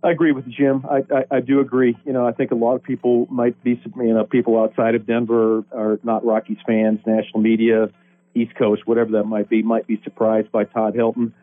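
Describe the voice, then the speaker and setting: Husky man on a phone line. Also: mid-range voice, completely flat delivery, fairly quick, faint music behind. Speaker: guest baseball broadcaster. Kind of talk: casual sports radio interview.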